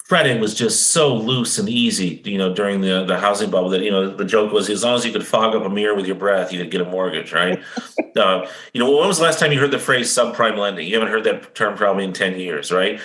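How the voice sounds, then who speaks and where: Male economist guest: fast, confident lecturer, fairly low voice, recorded in an echoey room. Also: sharp tone. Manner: fast, confident, lecturing, seeks agreement with "right?". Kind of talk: explanatory interview talk.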